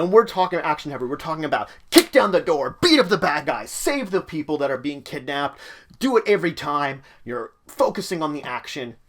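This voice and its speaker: This channel host speaks in a slightly high, somewhat bright voice while giving casual instructional game-mastering advice. His explanations are loose and conversational, full of fillers.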